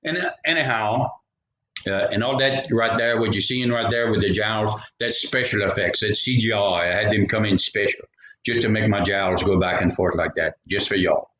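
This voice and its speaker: A man's voice: on the low side, moderate pace, a bit bright, slight background noise. A man telling a folksy story, rambling into jokey asides. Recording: roomy echo.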